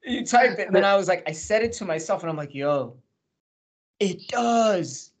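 Slightly high-voiced man, joking banter. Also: lively intonation, normal speed. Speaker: podcast co-host. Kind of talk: casual chat about football.

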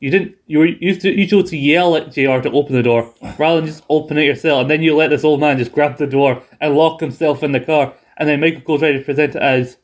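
A man's voice: on the high side, fairly even intonation, fast talker. A man co-hosting a wrestling podcast in casual chat, wry and acting out quotes. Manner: wry, acts out quotes, laughs along. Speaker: podcast co-host.

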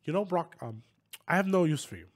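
A man's voice: a little high, expressive, brisk, voice pushed up. A man voicing a smug, scheming male billionaire villain as a tech-mogul impression in a comedic fan reenactment. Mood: cold.

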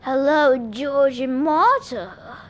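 A woman reading aloud and voicing a grumbling, sarcastic male snake with a raspy voice. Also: sits high, extremely slow.

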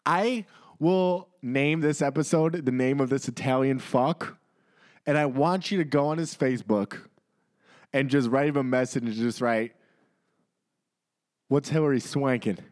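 A man's voice: medium pitch, a little slow, long pauses, darkish tone. A man, co-hosting a casual podcast and ranting indignantly with lots of swearing. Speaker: podcast co-host. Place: home podcast studio.

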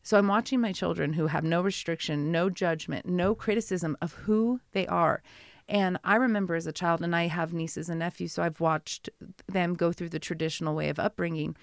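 A woman's voice: on the low side, steady tone, moderate pace, gravelly, dry recording, clean studio sound. A woman in her thirties in a casual conversation, talking chattily with many asides and telling stories about her children. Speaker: guest.

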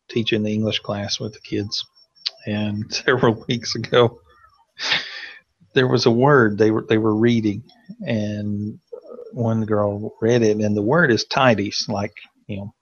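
A man's voice: fairly low pitch, little pitch movement, unhurried, long pauses. A man from Tennessee with a light Southern accent, co-hosting a cigar podcast in casual chat and laughing often as he tells stories. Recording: dull lo-fi sound.

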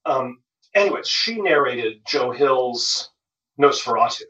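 A man, a guest author, telling stories in a casual interview, animated and full of restarts, heard over remote call audio. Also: medium pitch, takes it slowly, reverberant, recorded from a distance, poor audio. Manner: animated storytelling with frequent restarts.

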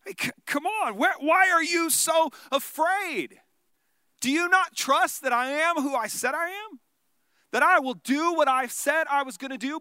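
A man voicing Jesus as a calm, patient teacher, speaking earnestly and gently chiding his followers. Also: extremely high pitch, no room sound, studio quality, heavily acted.

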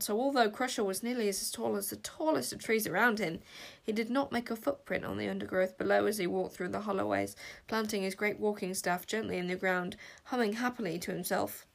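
A woman reading a children's fantasy story aloud with expressive narration. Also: medium pitch, creaky. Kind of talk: audiobook narration.

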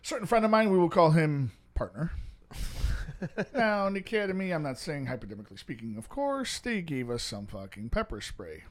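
A former police officer with a fairly high-pitched voice talks a little fast on a podcast, telling crude, funny stories in a casual way. He's animated and profane, doing the voices of the people he describes.

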